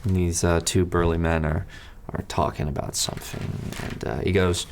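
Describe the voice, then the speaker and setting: A man narrating as dungeon master in a tabletop game, dropping to a hush for secrets. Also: low voice, level tone, normal speed, background noise.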